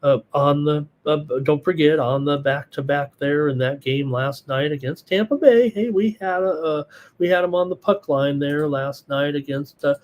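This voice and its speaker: A man's voice: on the high side, normal speed, a little mellow, highs cut off. Chatty man hosting a live betting show. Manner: rambling, many fillers and restarts, chatty. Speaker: sports betting show host. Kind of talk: live solo betting analysis, reading chat.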